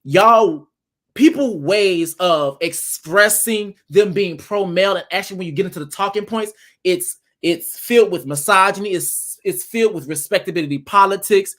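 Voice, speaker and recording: A man's voice: high voice, normal speed, a bit bright. A man hosting an online panel discussion, talking emphatically and stacking his points in repeated phrases. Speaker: panel host.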